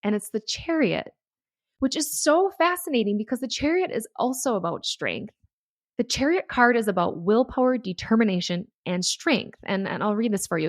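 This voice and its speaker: A woman hosting her own podcast, chatting excitedly and reading tarot passages aloud. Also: on the high side, normal speed, no echo, studio quality. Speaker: podcast host. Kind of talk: casual solo podcast talk.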